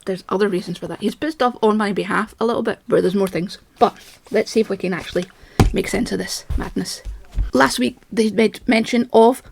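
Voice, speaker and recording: A woman's voice: medium pitch, brisk, gravelly, darkish tone, slightly rough, no echo. A woman ranting in an agitated, rambling, self-mocking monologue, a little out of breath. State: slightly out of breath. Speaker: vlogger.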